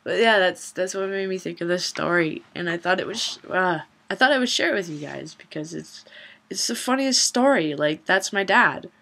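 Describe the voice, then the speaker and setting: Bright-voiced young woman telling a story. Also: fairly low pitch, expressive, normal speed, gravelly. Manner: chatty, swears, laughs through the story. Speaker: vlogger. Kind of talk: casual storytelling vlog.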